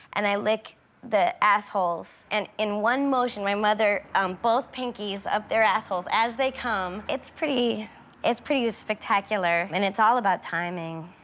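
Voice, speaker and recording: A woman speaks at an ordinary pitch as she plays a member of a family act. She describes outrageous things in a flat, matter-of-fact way. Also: normal speed. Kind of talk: telling a joke in character.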